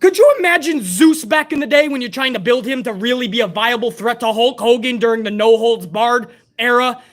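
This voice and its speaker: A woman's voice: fairly high pitch, a little fast. A woman hosting a live wrestling review stream, ranting bluntly and heatedly with plenty of profanity. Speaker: wrestling show host.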